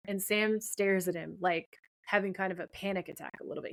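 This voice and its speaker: A woman's voice: on the low side, fairly even intonation, a little fast, hardly any pauses, no room sound. Woman, podcast co-host, casual recap, quotes lines, dry close mic. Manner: retelling scenes, quoting lines with light emphasis.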